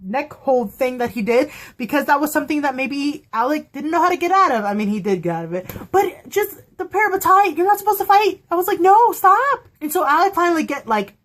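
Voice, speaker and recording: A young woman chats at home about a show she loves, in a voice pitched a little higher than most. She is excitable and gushing, with big emotional swings, jumping between fast recaps and near-shrieks of feeling. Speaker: TV show reviewer. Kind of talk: casual fan review chat.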